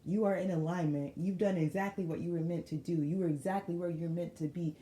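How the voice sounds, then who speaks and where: Casting: woman tarot reader, low-ish voice, animated and emphatic, roomy sound with faint noise. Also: fairly quick. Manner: animated, laughs often, slangy and emphatic. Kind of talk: casual tarot reading to viewers.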